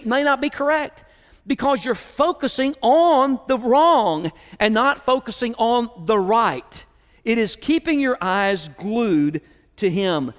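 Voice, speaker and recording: A man with a Southern American accent preaching a sermon, moving between soft musing and raised, emphatic preaching. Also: very high-pitched. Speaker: pastor. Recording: hall reverb.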